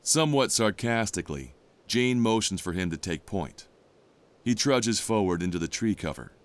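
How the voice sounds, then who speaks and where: A man reads the narration of an audio drama in a measured, descriptive way. His voice sits very low. A faint noise runs underneath it.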